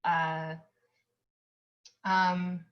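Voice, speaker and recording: A woman's voice: lowish voice, flat delivery, drawn-out words. Chatty young woman tutoring, muffled audio. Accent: American. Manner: chatty, rambling with many ums, upbeat. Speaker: nursing student tutor. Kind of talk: casual recorded lecture.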